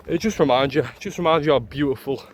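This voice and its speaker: Excitable Yorkshire man vlogging outdoors. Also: medium pitch, quick pace, slight background noise. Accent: Yorkshire English. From Leeds, England. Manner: excitable, gushing, repeats phrases and fillers. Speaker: travel vlogger. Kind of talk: casual vlog to camera.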